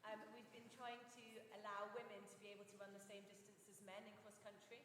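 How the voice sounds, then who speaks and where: A woman's voice: mid-range voice, little pitch movement, fast. A woman in the audience speaking hesitantly from her seat without a microphone at a live show. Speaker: audience member. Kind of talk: speaking from the crowd without a mic. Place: theatre audience. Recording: far off-mic in an echoey hall with crowd noise.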